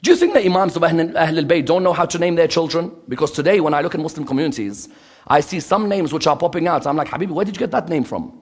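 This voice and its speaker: Animated high-voiced male lecturer. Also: fast talker. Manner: rhetorical questions to the audience; dramatic shifts between loud and hushed. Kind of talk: religious lecture.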